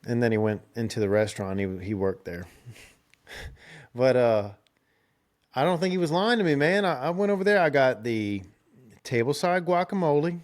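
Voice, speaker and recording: A man's voice: mid-range voice, animated, normal speed, pauses often. Young man, casual podcast host, loose rambling delivery with frequent laughs. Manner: rambling, laid-back, laughs often, restarts. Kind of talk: casual storytelling chat.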